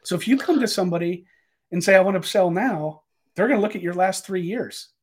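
A man's voice: high voice, fast talker, breathy edge. A man who works as a business coach, explaining things step by step in a casual interview.

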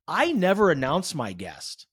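A man hosting a podcast in casual interview chat, animated and peppering his talk with "right?" and "you know". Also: on the high side, measured pace, husky, no echo, studio quality. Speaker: podcast host.

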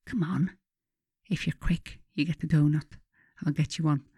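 A frail, streetwise teenage girl with a broad Scottish accent, voiced by a woman reading her own story. She talks bluntly in short, jerky bursts. The tone is warm and mellow, and the recording is dry and close. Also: sits low, fairly even intonation, normal speed, slightly rough, no room sound. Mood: breezy.

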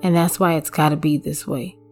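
A woman voicing a weary, secretive husband who speaks in a flat, defensive way. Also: low-pitched, brisk, faint music behind.

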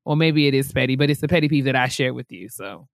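A young woman with a low-pitched voice co-hosts a podcast in relaxed, chatty conversation. She circles back over her points with plenty of fillers. The sound is dry and close. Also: fast, no echo. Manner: chatty, repeats herself, frequent fillers and laughs. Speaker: podcast co-host. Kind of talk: casual podcast chat.

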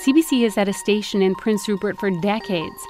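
A woman narrates an investigative documentary with a measured, serious delivery and a voice of middling pitch. She speaks steadily and with care, and faint music sits underneath. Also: a little mellow. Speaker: investigative reporter and podcast host.

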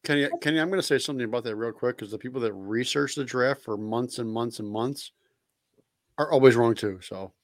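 A man's voice: medium pitch, fairly quick, no room sound, studio quality. A man co-hosting a casual sports podcast, blunt and emphatic, with some swearing. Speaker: podcast co-host.

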